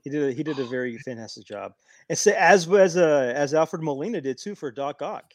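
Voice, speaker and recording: A man's voice: a little high, animated, a little fast, no room sound, clean studio sound. A man chatting casually about movies, stammering and repeating words as he goes.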